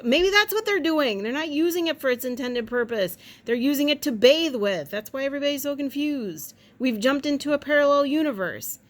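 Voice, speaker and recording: A woman chatting at home in a rambling, jokey way, with quick asides and silly voices. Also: high voice, lively intonation. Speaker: vlogger. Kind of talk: casual chat.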